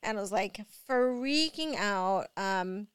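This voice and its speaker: A young woman and mother telling a rambling, animated story full of fillers, sounding drowsy. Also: mid-range voice, takes it slowly, clear, resonant tone, dry recording. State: drowsy from allergy medicine. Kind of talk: casual storytelling vlog.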